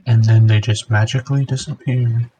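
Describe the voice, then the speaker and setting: A man's voice: medium pitch, steady tone, normal speed, dark tone, faint music behind. A man joking and teasing his friend in casual chat while they play a game together. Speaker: gamer.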